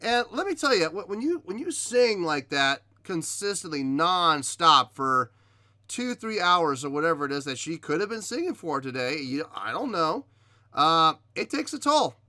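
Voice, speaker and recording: Hesitant, analytical man with a bright voice. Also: on the high side, very animated, no room sound, clean studio sound. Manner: hesitant, many ums and restarts; measured, analytical critique. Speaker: reaction video host reviewing a singer. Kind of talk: casual spoken commentary.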